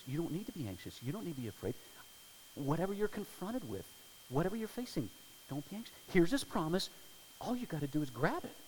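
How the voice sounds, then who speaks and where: A man preaching a sermon, telling a story with dramatic swings between hushed and loud delivery. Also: medium pitch. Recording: hall reverb with faint hum.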